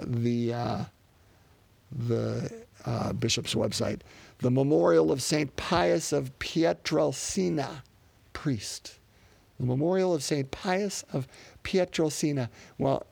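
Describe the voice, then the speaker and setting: A man's voice: on the high side, gravelly, a little mellow, breathy edge, no echo. A man preaching a sermon off the cuff, with plenty of fillers and restarts. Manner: unscripted, many fillers and restarts.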